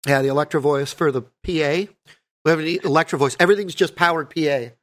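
A man co-hosting a podcast, rambling casually about guitars and PA gear, correcting himself and often clearing his throat. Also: on the high side, fast. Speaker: podcast co-host, band guitarist.

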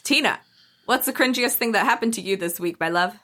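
A woman's voice: a little high, a little fast, pushed and bright. A woman co-hosting a podcast, telling candid stories hesitantly in casual chat. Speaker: podcast co-host.

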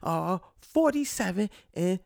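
A man from Connecticut hosts a casual solo sports show, his voice gravelly and set a little high for a man. He talks slowly and haltingly, repeating words as he rambles and gloats. The sound is dry and close. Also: expressive, darkish tone, dry recording. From Connecticut, USA. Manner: rambling, stammering, gloating with laughs. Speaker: podcast host.

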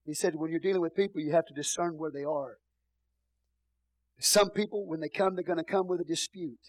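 A middle-aged male pastor with a Texan accent preaching a sermon, swinging between booming shouts and soft murmurs. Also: a little fast, no room sound, rough recording.

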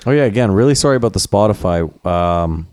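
A man's voice: fairly low pitch, lively intonation, fast talker, darkish tone, smooth, no room sound, studio quality. A man co-hosting a podcast, chatting casually in a laid-back, rambling way. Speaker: podcast co-host. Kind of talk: casual chat.

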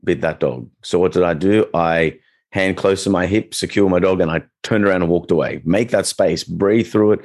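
A man with a deep, low voice chats easily about training dogs. He keeps a loose, conversational flow and slips into short acted-out reactions to make his points. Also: normal speed. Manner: relaxed, chatty, acts out quoted reactions. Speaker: dog trainer. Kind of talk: casual podcast chat.

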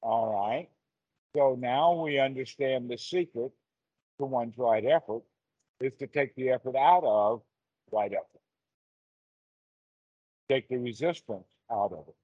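A man who teaches meditation, talking slowly and deliberately on a video call, explaining ideas through everyday examples while heavy rain falls outside. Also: medium pitch, husky, no echo. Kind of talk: casual dharma talk on a video call. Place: seated on the floor indoors, with rain outside. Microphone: video call mic. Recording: dull, lo-fi video call audio.

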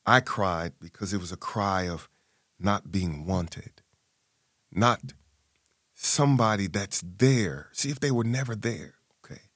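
A man's voice: on the low side, slow pace, a bit bright, breathy edge, dry recording, clean studio sound. A middle-aged man, an interview guest, telling a personal story and acting out the voices of his family.

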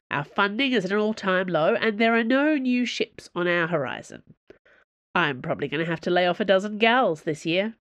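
Woman reading blunt barking fleet commander, female, foul-mouthed, audiobook, low voice, dry sound. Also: fairly bright tone, no room sound. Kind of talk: audiobook narration.

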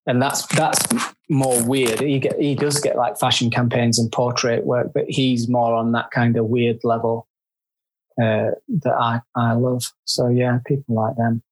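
A man's voice: medium pitch, little pitch movement. A man who works as a photographer, talking casually as an interview guest, chatty with frequent restarts. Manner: chatty, halting, self-described grumpy.

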